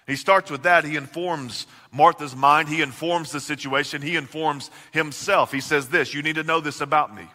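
A man's voice: a little high, fairly even intonation, moderate pace, few pauses, sharp tone. Male pastor, sermon delivery, earnest with big volume swings; long reverb of a large hall. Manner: earnest preaching with swells and drops in volume.

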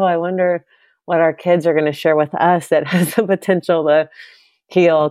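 A woman's voice: low voice, darkish tone, no echo. A woman in her thirties hosting a heartfelt podcast conversation, reflective and searching, with many fillers and restarts. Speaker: podcast host.

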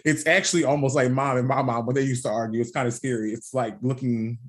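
A man's voice: medium pitch, fairly even intonation, fast talker. A young man co-hosting a podcast, telling a personal story in casual chat, candid and swearing freely with frequent laughs. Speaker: podcast co-host.

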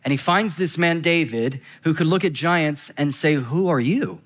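A man preaching a sermon in a conversational, animated way, slowing down to read scripture and speeding up for quick asides. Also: fairly high pitch. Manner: animated, swings between slow scripture reading and quick asides; conversational, frequent "right?" and "like".

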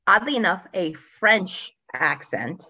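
Low-voiced woman chatting on a podcast. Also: lively intonation, pushed and bright, breathy edge, dry recording. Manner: chatty, self-assured, halting restarts. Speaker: podcast co-host. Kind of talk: casual chat.

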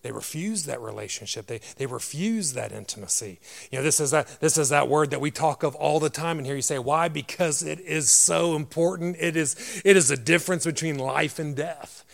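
A pastor preaches in a loud, grumbly voice with a gravelly edge and a fairly high pitch. He addresses the congregation directly and emphatically at a moderate pace, with few pauses. Again and again he poses rhetorical questions, then answers them himself.

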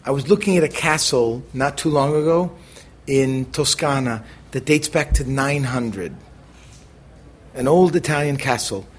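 A middle-aged American man, a chef as interview guest, telling animated stories and acting out the people he quotes. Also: mid-range voice, slightly rough. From United States. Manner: animated, acts out quoted voices, quick bursts. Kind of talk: conversational storytelling.

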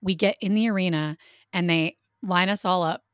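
Middle-aged woman podcast co-host, lowish voice, lively storyteller, dry close sound. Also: normal speed, clean tone, no echo. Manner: animated, acts out quotes of others.

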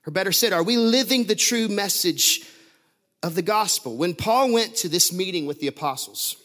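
A man's voice: high-pitched, moderate pace. A man preaching a sermon, telling a story with lots of laughs, fillers and restarts. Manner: animated, laughing often, many restarts and fillers.

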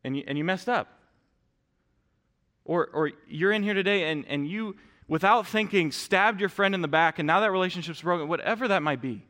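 In a church sanctuary, a pastor preaches a sermon, speaking earnestly and directly to the congregation and frequently restarting his sentences. His voice is high, a little fast, pushed and bright, and it rings through a large hall.

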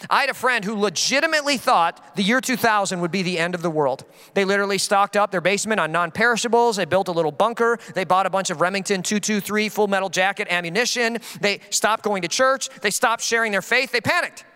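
A very high-voiced man preaching with passion, his tone bright and forceful. He is a pastor leaning hard into his points and acting out the voices he quotes. His sermon rings with the long reverb of a large hall. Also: fast talker, few pauses, clean tone.

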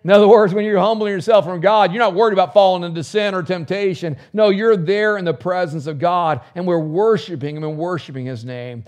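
A middle-aged man preaching a sermon, with fervent bursts that drop into soft, low prayer. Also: a little fast, few pauses. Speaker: pastor.

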